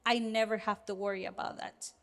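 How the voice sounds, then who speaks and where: A woman co-hosting a podcast for child care providers, talking in an earnest, animated way with frequent restarts. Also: mid-range voice, a little fast. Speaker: podcast co-host. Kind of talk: casual podcast conversation.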